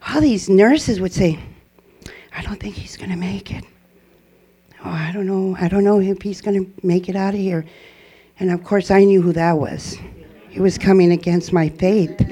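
Woman, church testimony, earnest and rambling, mellow tone. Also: fairly low pitch. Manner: earnest, rambling, with frequent restarts. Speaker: church member giving a testimony. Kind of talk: personal testimony to a congregation.

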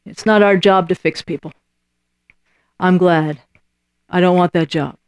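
A woman's voice: fairly low pitch, steady tone, a little slow, clean tone, no echo, clean studio sound. A woman preaching a sermon in a conversational way, often acting out little voices and dialogues and checking in with her listeners by asking "Right?".

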